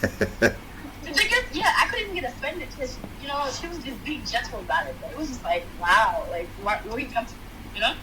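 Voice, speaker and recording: A woman in a casual voice chat, frank and animated as she tells stories. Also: high-pitched, a little fast, background noise.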